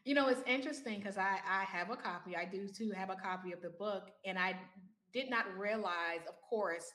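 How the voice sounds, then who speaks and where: A woman's voice: medium pitch, fairly quick, pushed and bright. A woman hosting an interview, asking questions and affirming her guest often. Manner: encouraging, frequent affirming backchannels. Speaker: interviewer, host. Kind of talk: casual interview.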